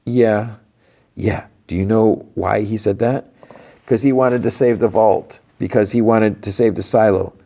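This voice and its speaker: A man's voice: lowish voice, fairly even intonation, creaky, warm tone, voice pushed up. Man putting on a stammering scared young man. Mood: pleading. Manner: stammering, halting. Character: frightened stammering young man, guilt-ridden.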